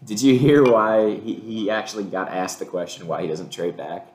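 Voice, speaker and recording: A man's voice: on the low side, fairly even intonation, normal speed, reverberant, crowd noise. A man co-hosting a casual sports chat podcast, talking bluntly and swearing freely. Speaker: podcast co-host.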